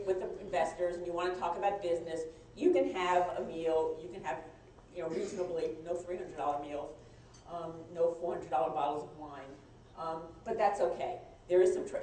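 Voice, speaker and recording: A woman lawyer giving a live compliance training talk, conversational and halting, with frequent restarts. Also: on the low side, a little mellow. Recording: echoey room, mic far off, faint noise.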